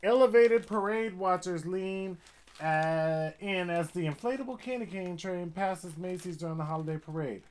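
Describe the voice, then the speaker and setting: A man's voice: sits high, moderate pace. A man vlogging a heated commentary rant, talking in a profane, conversational way. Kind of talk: ranting commentary vlog. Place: Seattle, Washington.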